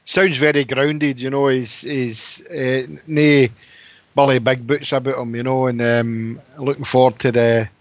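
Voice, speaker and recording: A man's voice: medium pitch, little pitch movement, unhurried, no room sound. A man with a Scottish accent chatting steadily and with feeling on a fan radio panel. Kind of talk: casual fan radio chat. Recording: dry, dull lo-fi sound.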